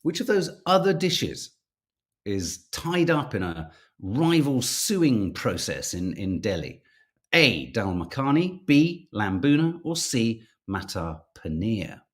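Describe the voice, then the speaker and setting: A man's voice: fairly low pitch, sing-song, slow pace. Chatty British man hosting a quiz. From United Kingdom. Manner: chatty, self-mocking, stumbles over names. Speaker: podcast co-host running a viewer quiz. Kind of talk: casual live-stream chat.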